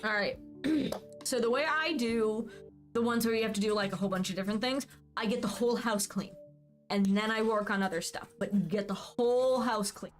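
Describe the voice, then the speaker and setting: A woman's voice: a little high, brisk, faint music behind. A woman casually chatting while streaming a game, rambling and answering her chat as she plays.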